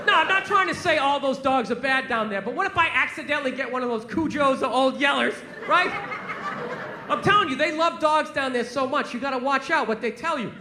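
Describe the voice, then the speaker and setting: Loud, high-pitched ranting male comic. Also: expressive, fairly quick, background noise. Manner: loud, profane, exasperated ranting. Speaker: stand-up comedian. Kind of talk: stand-up routine. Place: theater stage with live audience. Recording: echoey venue, loud crowd laughter.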